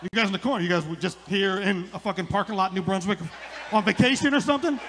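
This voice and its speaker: A man's voice: sits high, fast talker, fairly bright tone. A middle-aged man doing a rambling stand-up comedy set on a club stage, repeating his lines for the punch.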